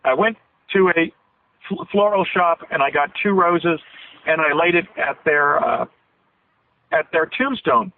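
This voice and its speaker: A man's voice: on the high side, measured pace, pauses often. A man being interviewed as a guest on a radio show, telling a long story in earnest detail, his voice at times catching with emotion. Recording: tinny phone line, dry.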